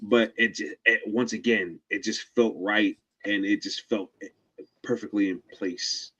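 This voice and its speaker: A man guesting on a casual movie review podcast, excitable and quick to jump in with opinions. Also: lowish voice, husky, dull audio. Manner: excitable, jumps in with opinions and laughs.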